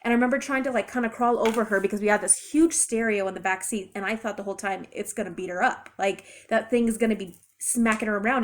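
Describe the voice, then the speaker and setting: A young adult woman retelling a personal story in a chatty, rambling, expressive way. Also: a little high. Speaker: vlogger. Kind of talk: casual storytime.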